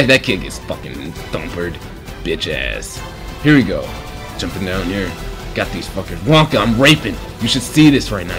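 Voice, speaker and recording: A man voicing his own cocky, bullying alter ego, taunting in a low growl over gameplay. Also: fairly bright tone. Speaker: video game commentator.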